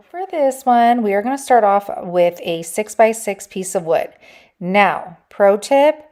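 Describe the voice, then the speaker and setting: A young woman narrates a home craft tutorial in a casual, chatty voice-over. Her voice sits at an ordinary middle pitch, and she sounds enthusiastic as she walks her viewers through each step. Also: a little mellow. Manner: chatty and enthusiastic, addresses viewers as "you guys". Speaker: DIY crafts channel host.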